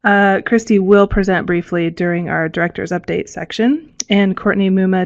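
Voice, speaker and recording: A woman's voice: medium pitch, steady tone, normal speed, vocal fry, hardly any pauses. A woman MC opening an online member forum in a friendly, hesitant way with many fillers. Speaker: communication strategist and forum MC. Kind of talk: online presentation. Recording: dull, muffled online audio.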